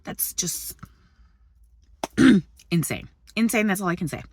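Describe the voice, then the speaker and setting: A woman's voice: medium pitch, animated, slow, a little mellow, a little hiss or hum. A woman vlogging in a chatty storytelling way, swearing freely, laughing often and jumping between subjects. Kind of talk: casual storytelling vlog.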